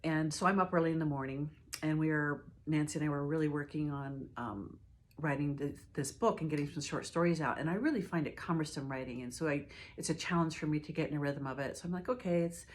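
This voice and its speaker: A middle-aged woman, a hospice nurse, telling a personal story in a reflective, halting way with many fillers and restarts. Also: deep voice, a little hiss or hum.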